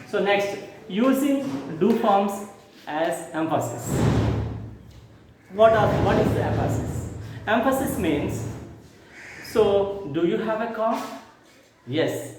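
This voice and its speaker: High-voiced teacher, echoey room. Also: male voice, a little mellow, distant mic. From southern India. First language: Telugu. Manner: slow, repetitive, asks and answers his own questions. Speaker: school teacher. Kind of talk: grammar lesson. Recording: very echoey room with faint noise.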